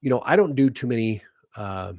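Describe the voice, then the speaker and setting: A man's voice: mid-range voice, a little fast, dry recording, studio quality. A man who works as a hypnotist, telling a client story to camera in a casual, earnest way and acting out quotes. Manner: animated, earnest, acts out quotes. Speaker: hypnotist and coach.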